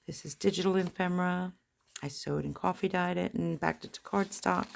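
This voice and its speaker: A woman's voice: fairly low pitch, steady tone, normal speed, creaky, slight background noise. A woman casually narrating a flip-through of her handmade journal, with chatty, rambling, self-deprecating asides. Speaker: junk journal crafter. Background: paper rustling and crinkling.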